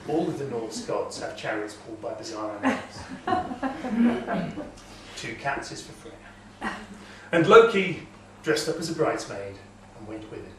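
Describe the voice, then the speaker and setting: A man telling a myth live in a castle great hall, dramatic, swelling loud and dropping to a hush. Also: medium pitch, big pitch swings, unhurried, long pauses, a little hiss or hum. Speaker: storyteller. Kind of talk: live oral storytelling. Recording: echoey hall from far off.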